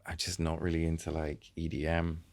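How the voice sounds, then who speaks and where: A man's voice: a bass voice, completely flat delivery, moderate pace, darkish tone, no echo. A man in his thirties, a podcast guest, chatting casually and rambling through fillers and restarts. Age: 30s. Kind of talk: casual chat.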